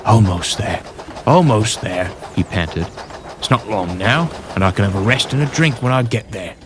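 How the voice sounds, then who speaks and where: A man voicing a male saddle tank engine in a storybook, gruff and barking orders, panting when tired. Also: on the low side, animated, normal speed, noisy background, close to an everyday voice. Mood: weary.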